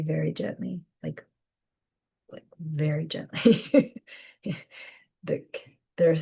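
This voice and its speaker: A woman hosting a live spiritual guidance session, speaking softly with many fillers and repeated phrases. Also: lowish voice. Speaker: intuitive guidance host.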